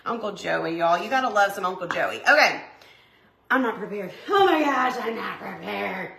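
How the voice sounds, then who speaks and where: A woman's voice: mid-range voice, big pitch swings, normal speed, pushed and bright. A middle-aged woman, chatting casually to her viewers while she crafts at home and greets them by name. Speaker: craft channel host. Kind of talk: casual crafting livestream chat. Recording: echoey room, faint background noise.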